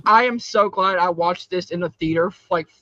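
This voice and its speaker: A man's voice: high-pitched, normal speed, sharp tone, no room sound, muffled recording. A man hosting a casual podcast about horror films, talking in an enthusiastic, upbeat way as he introduces award categories. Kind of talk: casual film discussion.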